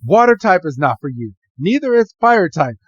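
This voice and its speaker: A man doing an eager, pushy young pal who wheedles and pleads, his voice pitched well above normal and swinging widely as he talks. The sound is dry and a little dull. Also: very animated, normal speed, breathy edge, dry recording, full character voice. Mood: pleading, eager.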